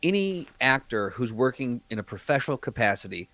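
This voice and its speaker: Male podcast co-host, lively up-and-down delivery, dry sound, emphatic casual banter. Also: mid-range voice, no echo. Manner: lively, emphatic, quick to agree and riff. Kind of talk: casual chat.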